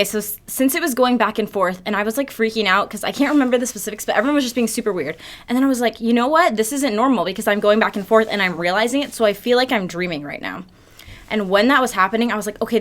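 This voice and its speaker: A woman's voice: mid-range voice, fairly bright tone. A young woman vlogging to camera, telling a story in a breathless, casual way, full of "like" and swearing. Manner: breathless, filler-heavy, peppered with "like" and swearing. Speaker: YouTube vlogger.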